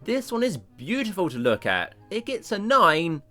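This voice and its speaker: A man narrating a cartoon review video with animated, self-deprecating jokes. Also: sits high, normal speed, faint music behind.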